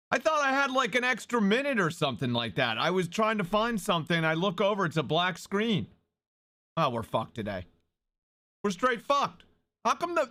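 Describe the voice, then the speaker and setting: A man live-streaming who talks loudly and excitably, swearing and greeting viewers in chat. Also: sits high.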